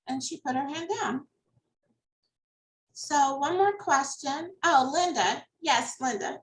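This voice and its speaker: A woman moderating a session and calling on the next questioner in an unhurried, friendly way. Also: sits high. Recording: echoey room.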